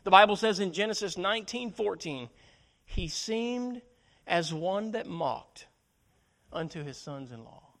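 A man's voice: sits high, animated, a little slow, fairly bright tone. A male preacher delivering a sermon, dramatically acting out the lines of Bible characters.

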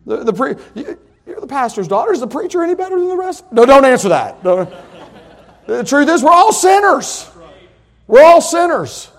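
A middle-aged man, preaching in a high voice. He tells homespun stories in a folksy way and then rises to loud, emphatic declarations. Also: big pitch swings, fairly quick, creaky. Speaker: pastor. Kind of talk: sermon with personal story.

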